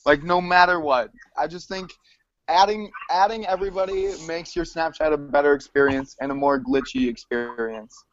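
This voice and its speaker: A man's voice: fairly high pitch, normal speed, slight background noise. A man guest answering eagerly and apologetically in casual chat. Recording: dull lo-fi audio.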